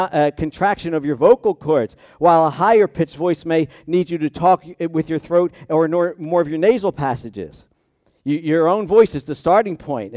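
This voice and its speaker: A middle-aged man preaching in a conversational way, rising to loud emphatic peaks and dropping to quiet asides. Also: a little high, dry recording, clean studio sound. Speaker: pastor. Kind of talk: sermon.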